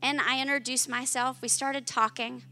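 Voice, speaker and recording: High bright-voiced woman preaching. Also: fairly even intonation, moderate pace, soft background music. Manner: storytelling, rising to impassioned emphasis. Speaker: pastor. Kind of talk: sermon.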